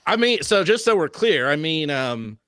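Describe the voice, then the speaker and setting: A man's voice: a little high, big pitch swings, moderate pace, fairly bright tone, no room sound. A man in casual podcast chat, joking and hesitant, full of fillers. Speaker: podcast co-host.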